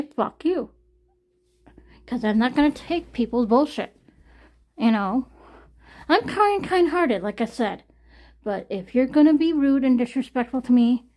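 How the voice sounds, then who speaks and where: A woman talks to her viewers in a loose, wandering way, stopping often for "you know" and little sighs. Her voice sits a bit high and she takes her time, speaking slowly. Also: warm tone. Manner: rambling, frequent "you know", sighs and laughs. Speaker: vlogger. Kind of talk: casual rambling monologue to camera.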